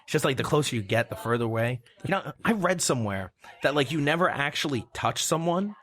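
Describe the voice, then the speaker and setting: A man co-hosting a loose comedy podcast in a studio. He rambles with plenty of fillers and jumps in playfully on his partner. His voice sits at an ordinary middle pitch. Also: animated, a little fast, fairly bright tone. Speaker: podcast host. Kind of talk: casual comedic podcast banter. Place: recording studio.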